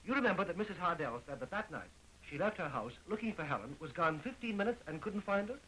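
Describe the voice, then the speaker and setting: A man's voice: high-pitched, very animated, sharp tone, a little hiss or hum, exaggerated voice, poor audio. An actor playing a lovesick young man who jokes his way through an amateur murder investigation, in 1920s film acting on an old soundtrack. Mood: eager. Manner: fast joking patter.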